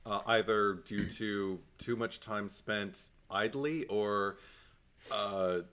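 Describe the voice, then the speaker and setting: A man co-hosting a podcast in casual chat, talking haltingly with many fillers and restarts and laughing often. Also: on the low side, a bit bright. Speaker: podcast co-host.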